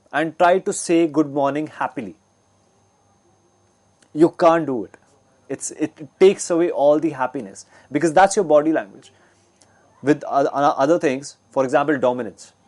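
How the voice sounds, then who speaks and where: Man, guest speaker, educational talk, explaining, demonstrates pitch and volume. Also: darkish tone. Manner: explanatory, with frequent fillers and restarts.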